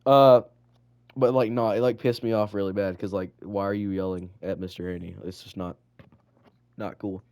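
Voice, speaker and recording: A man's voice: on the low side, steady tone, normal speed, darkish tone, clear, resonant tone. Rambling teenage boy telling school stories. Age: teens. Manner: rambling storytelling, full of "like" and swearing. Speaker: student podcast co-host. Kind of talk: casual chat.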